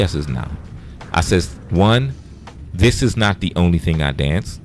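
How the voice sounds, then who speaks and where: Deep-voiced blunt male streamer. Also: animated, normal speed, faint music behind. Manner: blunt, profane, retelling arguments in dialogue. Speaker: livestream host. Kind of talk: casual livestream storytelling.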